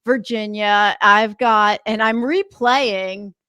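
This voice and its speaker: A woman's voice: mid-range voice, slow, pushed and bright, clean tone, no echo. A woman podcast host from South Carolina, sharing an earnest, reflective story in casual chat.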